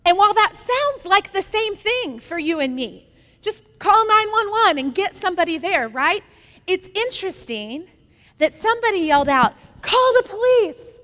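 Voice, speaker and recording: A woman's voice: extremely high pitch, sing-song, moderate pace, bright, forceful tone, long reverb tail. A woman pastor preaching a sermon, telling a story and building to emphatic repeated lines.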